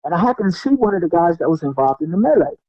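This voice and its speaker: A man's voice: on the high side, very fast, no room sound. Middle-aged man telling stories, lo-fi. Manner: animated, lots of fillers and restarts, acts out what people said. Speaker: podcast guest, martial artist. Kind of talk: casual storytelling. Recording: dull lo-fi sound, dry.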